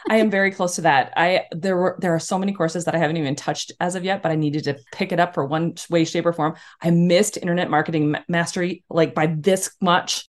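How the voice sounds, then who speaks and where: A woman's voice: on the low side, fairly even intonation, a little fast, hardly any pauses. A woman hosting a podcast interview, bubbly and chatty, laughing often. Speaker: podcast host.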